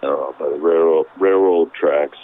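A man's voice: very deep voice, normal speed. A man who drummed in a punk band, rambling through a story with lots of swearing and laughter, heard over a phone call. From Canada. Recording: dry tinny phone line.

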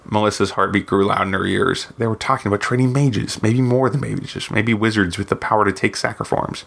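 A man narrating a fantasy story from his own book, in a steady, measured reading. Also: lowish voice, gravelly, husky. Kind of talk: scripted narration.

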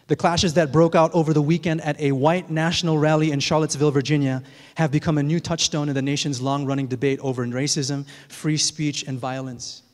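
A man preaching in a church, his voice pitched high for a man. He talks earnestly and builds to emphatic peaks. The sanctuary's long, ringing reverb trails every phrase. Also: little pitch movement, brisk, a little mellow. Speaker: pastor. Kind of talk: sermon.

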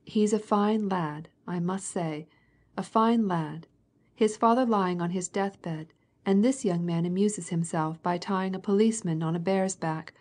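A woman's voice: fairly low pitch, a little slow. A woman reading the part of a stern, outspoken fifty-year-old woman in an audiobook, blunt and scolding. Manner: scolding, outspoken, mock-gentle teasing.

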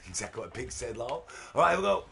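A man livestreaming a game, chatting with viewers, greeting them by name, and shouting when excited. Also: mid-range voice, fast, vocal fry, slight background noise. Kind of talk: casual gaming stream commentary.

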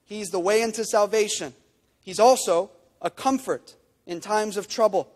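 A man's voice: sits high, normal speed, in a large hall. A man preaching a sermon, emphatic, with repeated phrases and rhetorical questions. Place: church sanctuary.

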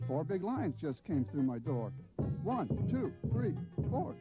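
A man's voice: on the high side, sing-song, a little slow. A man singing and speaking a counting song in a playful, bouncy, sing-song way. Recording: dull lo-fi 1970s TV audio with music.

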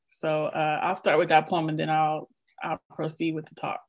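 A young woman with a Southern accent, a visiting poet giving a casual craft talk over a video call, quick and chatty with many restarts. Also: lowish voice. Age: young adult.

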